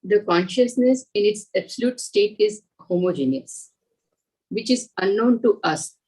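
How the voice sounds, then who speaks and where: A woman student reading a passage aloud in class, steady and careful with small slips. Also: medium pitch, measured pace, breathy edge, poor audio.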